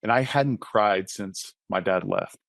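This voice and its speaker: A man's voice: lowish voice, measured pace, dry recording. A man in his thirties, a podcast guest, sharing a personal faith testimony in an earnest, conversational way and often checking in with "right?". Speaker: podcast guest, author and mentoring ministry founder.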